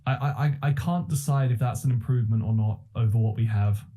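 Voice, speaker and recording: A man's voice: medium pitch, a little fast, dark tone. A man joining a friend's comedic script read, chatting in a stammering, dry joking way. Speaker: co-host. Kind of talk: casual chat.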